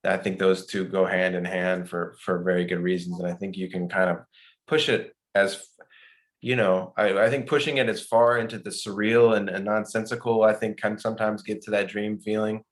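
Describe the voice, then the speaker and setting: A male film director answering questions at a post-screening talk, halting, with many restarts and fillers. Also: lowish voice, flat delivery.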